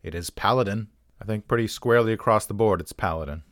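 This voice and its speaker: A man's voice: on the low side, quick pace, no room sound, clean studio sound. A man hosting a pronunciation channel, talking casually with wry, offhand jokes and self-mocking asides. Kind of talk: casual talk-through with jokes.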